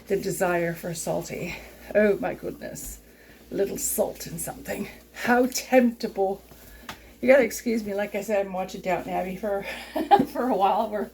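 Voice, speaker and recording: A middle-aged woman vlogs while cleaning her home kitchen, chatting in a rambling, giggly way. Her medium-pitched voice has a darkish tone, with slight background noise and the clatter of dishes and cutlery around her.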